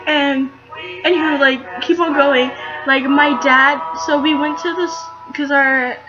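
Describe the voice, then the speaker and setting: A teenage girl telling a story in a casual vlog, rambling and excitable with lots of fillers. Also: high voice, a little slow, dull audio, music in the background. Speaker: vlogger.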